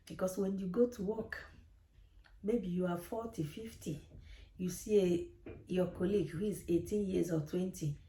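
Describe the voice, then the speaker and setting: Mom giving parenting advice to camera, kinda preachy, repeats stuff, echoey room. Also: female voice, fairly low pitch, mellow. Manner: earnest, preachy, repeats her points. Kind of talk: direct-to-camera advice talk.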